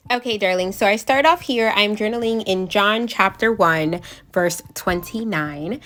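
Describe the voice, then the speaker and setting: Chatty woman hosting a craft tutorial. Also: mid-range voice. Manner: chatty, warm address to viewers, some filler words. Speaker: craft channel host. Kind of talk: casual craft tutorial chat.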